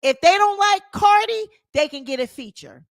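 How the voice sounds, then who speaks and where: A woman's voice: very high-pitched, expressive, moderate pace, no echo. A woman hosting her own channel, giving sassy, opinionated celebrity gossip commentary and calling her viewers honey.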